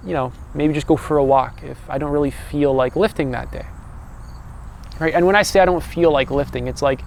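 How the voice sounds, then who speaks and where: Gravelly young man musing calmly. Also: fairly high pitch, slight background noise. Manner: calm, loose, many "right?" tags and restarts. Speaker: personal growth coach. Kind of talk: casual reflective monologue.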